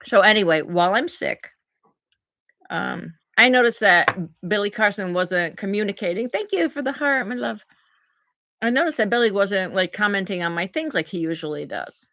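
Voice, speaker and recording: A woman chatting on a live stream and thanking viewers for gifts. She is recovering from oral surgery and tells her story in an animated way, acting out the quotes. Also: medium pitch, moderate pace, vocal fry, no echo. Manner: animated storyteller, acts out quotes in big voices. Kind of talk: casual live-stream chat.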